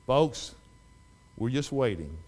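A middle-aged man preaching a sermon in a church, folksy, swinging from loud fervent exhortation to quiet storytelling. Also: medium pitch, lively intonation, takes it slowly. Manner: folksy, repeats and restarts phrases.

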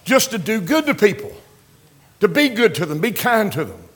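An older man with a drawl preaches in a folksy way, leaning on repeated amens. His voice sits high, and he pushes his lines up to strong emphasis. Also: sing-song, moderate pace, a bit bright. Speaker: pastor. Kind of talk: sermon.

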